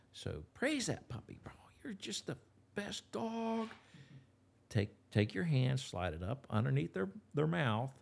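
A man's voice: on the low side, gravelly, a little mellow. A man with an Appalachian accent, a dog trainer talking as an interview guest in a folksy, rambling way with many restarts. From West Virginia. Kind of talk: casual interview talk.

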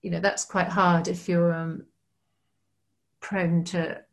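A woman's voice: on the low side, little pitch movement, slow. A woman, a musician and actor, chatting as a podcast guest in a rambling, self-deprecating way. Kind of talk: casual interview chat.

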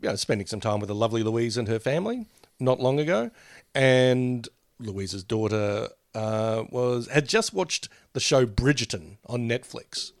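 A man's voice: mid-range voice, animated, normal speed, no room sound. A man co-hosts a casual podcast chat, his mid-range voice rising and falling a great deal as he laughs through rambling anecdotes. The sound is dry and close, with no room around it. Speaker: podcast co-host.

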